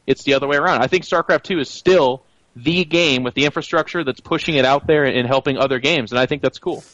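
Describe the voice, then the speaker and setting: A man's voice: mid-range voice, fast, fairly bright tone, dry recording, dull audio. A man co-hosting an esports podcast, making his case in long, opinionated runs. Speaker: podcast co-host. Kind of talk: casual esports podcast chat.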